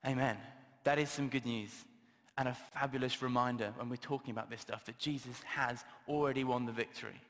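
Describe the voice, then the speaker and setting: A man preaching in an easygoing, joking way, his voice at a middle pitch. He talks like he is chatting, full of ums and asides that poke fun at himself. The sound carries a long reverb from a church hall. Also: fairly even intonation, a little fast, a bit bright. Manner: chatty and self-deprecating, with filler words. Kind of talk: casual, humorous sermon.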